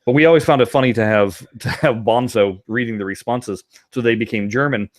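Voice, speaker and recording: A man's voice: mid-range voice, brisk. Self-mocking man co-hosting a podcast. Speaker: podcast co-host. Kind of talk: casual chat.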